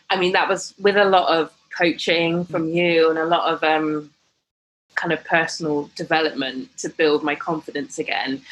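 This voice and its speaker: A woman in her thirties with a fairly low voice tells her story as a podcast guest. She talks in a chatty, candid way, full of "like" and "kind of" as she goes. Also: low-quality recording. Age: 30s. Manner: chatty, lots of "like" and "kind of", acts out quoted voices. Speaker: blogger and guest.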